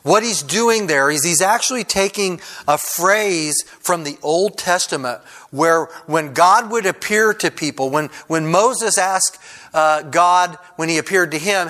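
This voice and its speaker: A male pastor preaching a sermon in a relaxed, conversational way, often saying "kind of" and "uh". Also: high voice, measured pace. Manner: conversational, frequent "kind of" and "uh" fillers.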